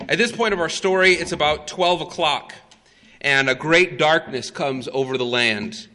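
A man preaching a sermon, telling the story slowly and with emphasis, with frequent "uh" fillers. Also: on the high side, bright, forceful tone. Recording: long hall reverb.

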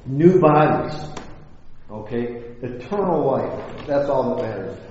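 A man's voice: mid-range voice, lively intonation, takes it slowly. A man giving an informal, folksy Bible talk that rambles along and is full of rhetorical questions. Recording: echoey hall, dull lo-fi sound, faint hiss.

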